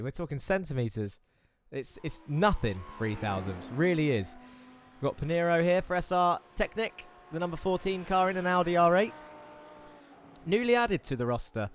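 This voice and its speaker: A man with a medium-pitched voice commentates a sim racing broadcast, chatty and enthusiastic as he talks viewers through the track turn by turn. There is a little hiss or hum in the audio.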